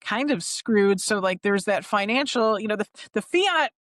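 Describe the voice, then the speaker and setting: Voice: medium pitch, expressive, moderate pace, fairly bright tone, no room sound. A podcast host in their forties from the San Francisco Bay Area, talking enthusiastically and rambling with many restarts in casual chat.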